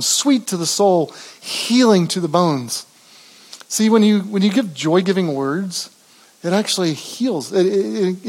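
Man preaching an earnest, chatty sermon. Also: high voice. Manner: earnest, conversational preaching with restarts. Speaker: pastor.

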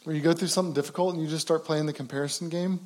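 Guy preaching, kinda higher voice, talks easy and earnest, lots of questions to the crowd. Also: fairly even intonation, very fast, darkish tone, low-quality recording. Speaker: pastor. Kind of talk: sermon.

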